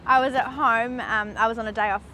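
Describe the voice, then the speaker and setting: A woman, a reporter recounting events in an interview in a measured way. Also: a little high, steady tone, bright, forceful tone, a little hiss or hum. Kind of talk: recalled interview testimony.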